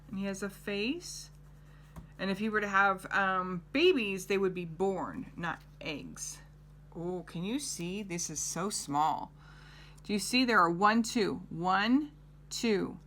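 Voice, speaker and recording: Woman, middle-aged, kids' lesson host; unhurried delivery, crisp bright tone, coaxing questions. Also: mid-range voice, slight background noise. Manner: gentle, coaxing, asks the child questions. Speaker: teacher. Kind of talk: children's lesson.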